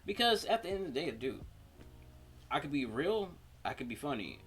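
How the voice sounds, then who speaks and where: A man hosting a reaction video, talking through personal stories in a rambling, halting way with many fillers. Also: fairly high pitch, very animated, a bit bright, faint music behind. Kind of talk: casual reaction commentary.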